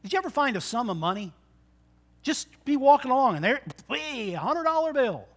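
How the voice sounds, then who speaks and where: A preacher giving a conversational sermon in church, often asking the congregation questions. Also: male voice, very high voice, big pitch swings, brisk.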